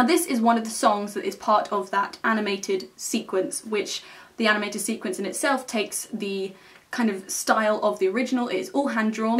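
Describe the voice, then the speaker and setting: A woman's voice: medium pitch, distant mic. A young woman reviewing a film in a casual, enthusiastic way, often ending her points with a questioning "okay?". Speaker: film vlogger.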